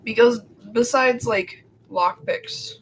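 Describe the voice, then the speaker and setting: A woman's voice: a little high, slow pace, low-quality recording. Woman streamer, rambling chatter, self-deprecating, desk mic, audible background noise. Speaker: gaming streamer. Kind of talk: casual gameplay commentary. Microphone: desk microphone.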